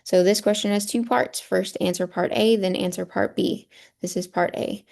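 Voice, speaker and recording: Speaking at a normal speed with a steady tone, this woman has a medium-pitched, gravelly, slightly mellow voice. As a teacher in a screen-share lesson, she guides listeners through a poem with patient explanations and the occasional rhetorical "right?"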